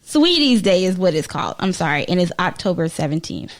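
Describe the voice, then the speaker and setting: A woman's voice: lowish voice, very animated, a little fast. A woman co-hosting a podcast, playful in casual chat with her co-hosts. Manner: playful, laughs often. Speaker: podcast co-host.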